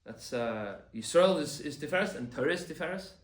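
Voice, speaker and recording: A man, a rabbi, giving an animated Torah class and acting out quoted complaints. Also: fairly high pitch, normal speed, roomy sound.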